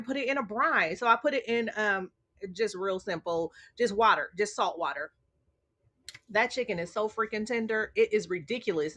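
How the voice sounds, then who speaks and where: A woman's voice: a little high, bright, forceful tone. A woman hosting a casual late-night livestream chat, talking straight to her viewers and laughing often. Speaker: livestream host.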